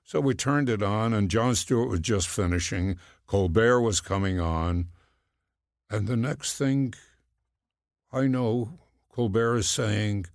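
A man in his nineties, a guest in casual chat, telling stories slowly and haltingly. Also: lowish voice, gravelly, no room sound, clean studio sound. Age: 90s. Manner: slow, halting storyteller. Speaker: guest, cartoonist.

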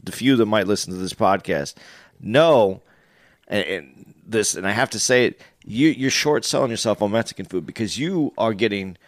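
Low-voiced earnest podcast co-host. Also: male voice, animated, moderate pace, dry recording, clean studio sound. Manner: earnest, repeats words as he starts sentences. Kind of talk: casual chat.

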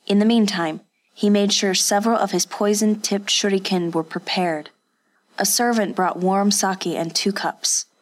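A woman reads a historical story in steady, scripted narration. Her voice sits somewhat low, and she keeps an even, measured storytelling pace. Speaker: audiobook narrator.

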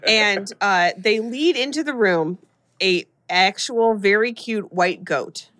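A woman hosting a casual podcast chat, retelling a horror movie plot with animated storytelling and acted-out lines. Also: mid-range voice, slow. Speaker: podcast host recapping a film.

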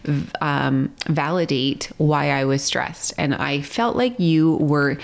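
Low-voiced woman chatting casually. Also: slow pace, gravelly. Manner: chatty, candid and self-deprecating, swears casually. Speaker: podcast co-host. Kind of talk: casual chat.

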